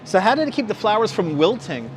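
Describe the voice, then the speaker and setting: A man's voice: high voice, big pitch swings, quick pace, a little hiss or hum. A man with a New York accent hosting a casual live-streamed walking tour, chatting with viewers and reading out signs. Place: outdoor city walkway at evening. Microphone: wireless clip-on mic.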